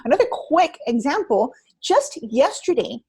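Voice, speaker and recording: A woman in her thirties talks as an expert guest on a video call, her voice husky and a little breathy and sitting fairly high. She tells stories with emphasis, acting out her own reactions and pushing certain words hard. It is an earnest, lively conversational delivery. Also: unhurried. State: heavily pregnant. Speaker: stress management expert guest. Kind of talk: conversational interview, animated storytelling.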